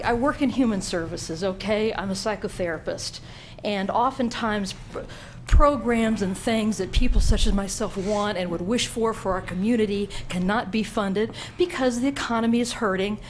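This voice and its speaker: A woman's voice: medium pitch, a little hiss or hum. A woman giving an emotional, indignant public comment at a county board meeting.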